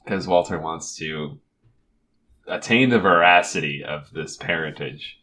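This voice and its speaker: Deep-voiced man chatting about a movie. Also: a little slow, bright, forceful tone. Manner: chatty, laughs often, fillers and restarts. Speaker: podcast co-host. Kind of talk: casual chat about a film.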